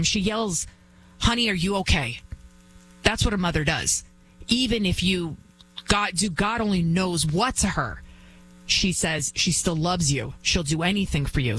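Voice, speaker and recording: A woman's voice: lowish voice, a bit bright, slight background noise, rough recording. A woman filling in as a talk radio host, giving an emphatic, indignant monologue with lots of repetition.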